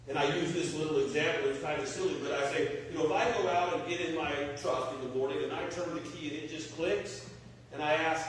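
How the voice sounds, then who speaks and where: A Texan pastor preaches in a conversational way, asking rhetorical questions and working through homely everyday examples. His voice sits a little high for a man, and it is heard from some distance in a big, echoey church sanctuary with a long reverb trail. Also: slight background noise. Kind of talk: sermon.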